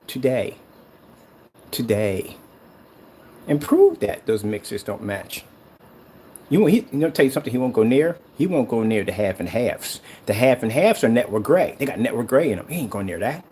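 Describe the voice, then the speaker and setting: A man's voice: medium pitch, big pitch swings, fairly quick, dark tone, slight background noise. A man who makes screen paint, delivering a sarcastic, rambling online rant that taunts a rival.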